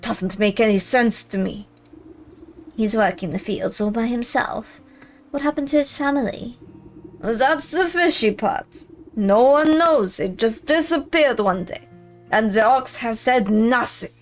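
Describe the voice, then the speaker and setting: A woman's voice: on the high side, unhurried, faint music behind, close to an everyday voice. Woman doing a grumbling gourd farmer with a Russian accent. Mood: suspicious. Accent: put-on Russian. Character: middle-aged male gourd farmer, grumbling.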